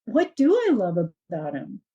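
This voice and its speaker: A woman guest, a parent of three, talking in a casual interview as an animated storyteller who fills her talk with fillers and laughs. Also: mid-range voice, unhurried, slightly rough, muffled recording.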